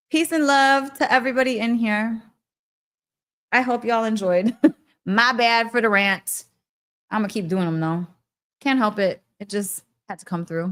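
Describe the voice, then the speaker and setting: A woman's voice: medium pitch, a bit bright. A woman hosting a podcast, giving a casual, heartfelt spiritual pep talk, laughing often and speaking emphatically. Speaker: podcast host.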